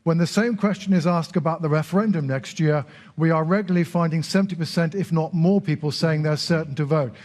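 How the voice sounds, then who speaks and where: A man lays out polling numbers in a measured, explanatory way, speaking quickly. His voice sits a little high. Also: a little mellow. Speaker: polling expert. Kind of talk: analytical commentary.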